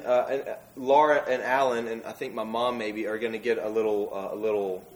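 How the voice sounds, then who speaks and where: A young man preaches to his congregation in a loose, conversational way. He pushes hard on key phrases and then eases back into plain talk. His voice sits at an ordinary male pitch. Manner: animated, conversational preaching with bursts of emphasis. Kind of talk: sermon.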